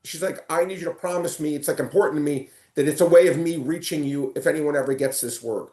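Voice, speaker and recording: A man on a casual sports podcast, telling animated stories with lots of stumbling restarts. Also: on the high side, fast talker, reverberant. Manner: animated storyteller, stumbling restarts and excited retelling. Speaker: guest.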